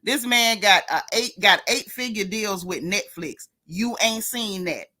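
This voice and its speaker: A woman's voice: medium pitch, a little slow, sharp tone. A woman hosting a casual gossip livestream, talking in a sassy drawl and greeting her viewers.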